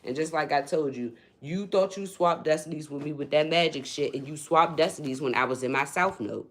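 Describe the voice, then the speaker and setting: On her livestream, a woman who does spiritual readings rants bluntly and with plenty of profanity at a brisk pace. She swings between low muttering and loud, high-pitched outbursts in an unscripted tirade.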